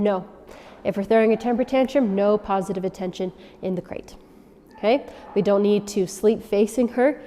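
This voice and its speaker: Woman, dog trainer, instructional, coaching tone, warm low-key timbre, long reverb. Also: normal speed. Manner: coaching, checks in with frequent "okay?". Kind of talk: instructional demonstration.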